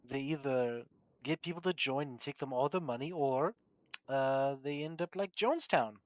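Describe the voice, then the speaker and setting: A woman's voice: rumbling low, moderate pace, no echo. A woman in a roleplay game, talking in character as a doctor. She rambles, trails off with fillers and laughs a lot, close on a dry, dead-sounding mic. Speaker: roleplay streamer playing a doctor.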